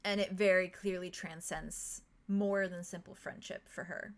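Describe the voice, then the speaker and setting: A woman's voice: lowish voice, steady tone, a little slow. A woman narrating a tabletop role-playing game as game master, in a casual, rambling way full of fillers and small chuckles. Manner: casual, many fillers, chuckles between lines.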